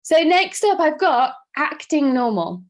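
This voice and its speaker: A Welsh-accented woman in her thirties leads a live online workshop. She talks quickly and chattily in a fairly high voice, laughing easily as she coaches. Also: sing-song. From Wales. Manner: chatty, fast-talking, laughs often. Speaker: presenter and coach.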